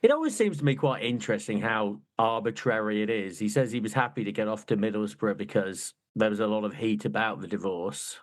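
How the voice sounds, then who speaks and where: A man's voice: lowish voice, brisk, few pauses. A man co-hosting a casual football book chat, joking and slipping into quoted voices. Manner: jokey, puts on quoted voices. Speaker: podcast co-host.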